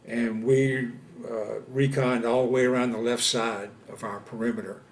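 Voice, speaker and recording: A man in his seventies from Louisiana, recounting his war experiences in an oral history interview, speaking haltingly with many pauses and fillers. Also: medium pitch, flat delivery. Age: 70s. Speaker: veteran interviewee. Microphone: interview camera setup.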